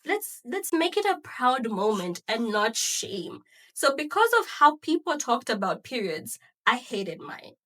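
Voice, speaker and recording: A young woman from Zambia hosting a solo podcast, telling a personal story in a chatty, animated way and laughing often. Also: fairly high pitch, unhurried. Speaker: podcast host.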